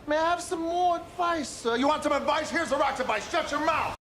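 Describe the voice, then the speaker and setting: An actor playing a brash male wrestling star who shouts and mocks, then speaks low and calm, in a film clip. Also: fairly quick, slight background noise. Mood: mocking shout. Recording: film clip over loud music.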